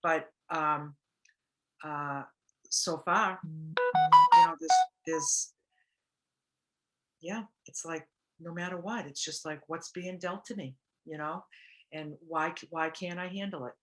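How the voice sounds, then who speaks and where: A woman's voice: deep voice, slow, pauses often, soft background music. A woman co-hosting a recovery talk show, casually reflecting and telling stories, acting out the voices of people she quotes. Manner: animated storyteller, acts out quotes. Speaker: podcast co-host.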